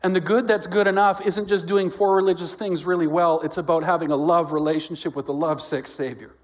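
Animated male pastor preaching a sermon. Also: a little fast. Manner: animated preaching, swinging from loud exclamations to quiet lowered lines; acts out quoted voices with jokes and laughs.

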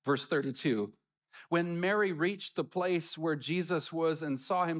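A man preaching a sermon, reading scripture and explaining it to his congregation in an animated way. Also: on the high side, a little slow. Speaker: pastor.

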